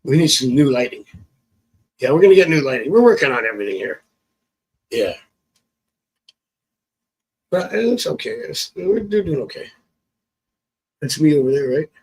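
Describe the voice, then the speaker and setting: Chatty man with a slightly high voice. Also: big pitch swings, moderate pace, long pauses, breathy edge, rough recording. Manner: chatty, thinks aloud, chuckles often. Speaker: tarot reader and live stream host. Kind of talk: casual live-stream tarot reading. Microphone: phone.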